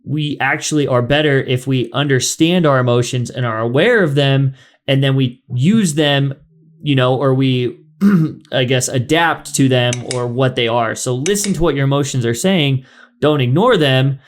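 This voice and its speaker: A man's voice: medium pitch, moderate pace. Chatty rambling male podcast host. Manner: rambling, filler-heavy, chatty. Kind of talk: casual interview chat.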